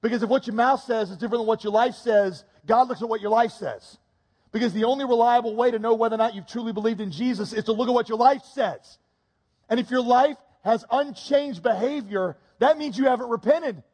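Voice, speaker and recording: Husky pastor preaching in a reverberant hall. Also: male voice, extremely high pitch. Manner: shifts from hushed, slow intimacy to loud, rising urgency. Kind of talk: sermon.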